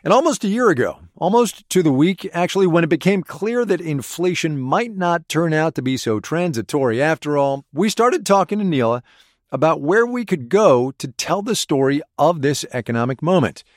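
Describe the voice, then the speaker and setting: Lively man hosting a radio interview. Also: on the high side, moderate pace, no room sound, studio quality. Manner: conversational, wry and lively. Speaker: radio show host. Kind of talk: public radio business interview. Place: on location in a cafe.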